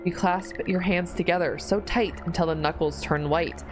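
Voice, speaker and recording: A woman streamer reading a horror visual novel aloud, slow narration broken by squealing, disgusted reactions. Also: on the low side, fairly even intonation, low-quality recording. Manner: reads narration slowly, then breaks into squealing disgusted reactions and laughs. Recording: faint music behind the voice.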